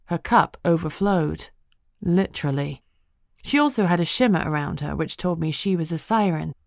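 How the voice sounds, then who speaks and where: A woman narrating a first-person audiobook in a wry, even storytelling way. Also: fairly low pitch, normal speed, vocal fry, no echo, clean studio sound.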